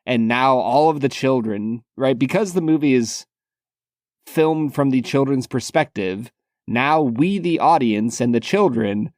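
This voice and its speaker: Rambling through a casual podcast conversation with lots of fillers and restarts, this male co-host has a medium-pitched, darkish voice with lively intonation and a measured pace. The recording is dry and of studio quality.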